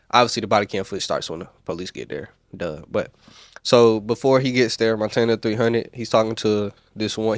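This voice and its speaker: Southern guy rambling thru a podcast recap, lowish voice, dry close sound. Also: no echo. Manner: loose, rambling, self-correcting. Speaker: podcast host. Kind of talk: casual commentary.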